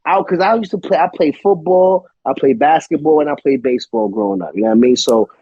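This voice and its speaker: A man's voice: on the high side, fast talker, husky, dry recording, highs cut off. A man from Brooklyn, a guest rapper talking casually in an interview, laid-back and profane, leaning on "you know what I mean". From Brooklyn, New York.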